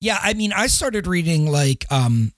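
A man's voice: high-pitched, sing-song, measured pace, no room sound. A man co-hosting a podcast, talking emphatically about books and laughing often. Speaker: podcast co-host. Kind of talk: casual book discussion.

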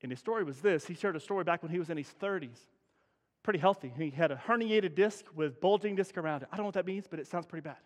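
A middle-aged pastor with a high-pitched voice preaches quickly, addressing the congregation like a neighbor before building to loud, emphatic bursts. A church sanctuary's long reverberation surrounds the sound.

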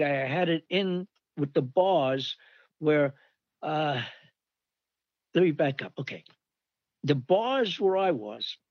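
An older man rambles through old army stories and animatedly acts out the people he quotes. His voice sits a touch high. The recording is dull and dry. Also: no room sound. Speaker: storyteller recalling army days. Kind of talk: casual anecdote.

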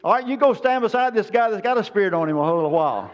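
Folksy preacher guy rambling thru a sermon, pretty high voice, muffled old recording. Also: lively intonation, fast. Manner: folksy, rambling storytelling with plain-spoken grammar. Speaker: pastor.

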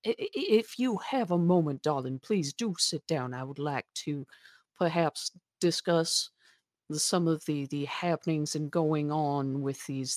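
A woman's voice: deep voice, dry recording, clean studio sound, lightly acted. A woman voicing a refined, courteous adventurer woman who speaks formally.

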